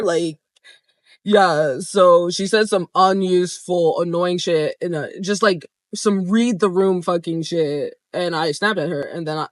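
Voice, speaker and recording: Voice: mid-range voice, a little slow, dry recording. A young adult vlogger telling a story in a casual, candid way, swearing freely and laughing now and then.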